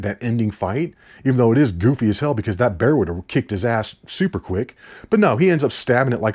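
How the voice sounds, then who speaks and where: Man, movie reviewer, casual rant, incredulous, animated pitch. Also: slightly rough. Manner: exasperated, incredulous, swears casually.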